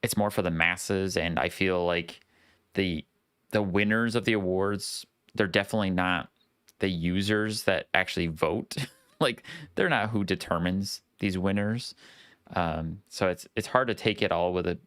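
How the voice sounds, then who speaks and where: A man with a deep, very low voice that sounds smooth and resonant. He hosts a podcast in easygoing chat, rambling through his points. The sound is dry and close. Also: measured pace, a bit bright, no room sound. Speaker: podcast host.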